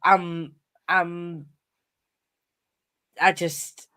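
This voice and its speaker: A woman co-hosting a casual livestream book chat, speaking hesitantly with halting starts. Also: fairly low pitch, little pitch movement, pushed and bright. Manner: hesitant, halting, laughs easily. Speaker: book podcast co-host.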